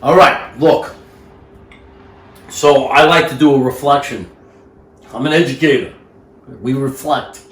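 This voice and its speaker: A man's voice: mid-range voice, measured pace, pauses often, fairly bright tone. A man chatting casually in a rambling, self-amused way while cooking at home. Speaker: home cook vlogger. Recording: echoey room.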